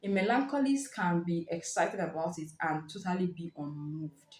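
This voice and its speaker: A woman giving a casual spoken book review, explaining in a lively way and acting out short reactions. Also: on the low side, normal speed. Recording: roomy echo.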